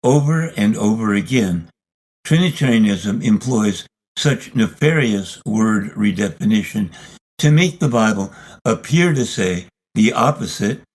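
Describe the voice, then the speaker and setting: A man reading a scripted lesson narration in a measured, deliberate, argumentative way. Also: on the low side, animated, low-quality recording. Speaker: video series narrator.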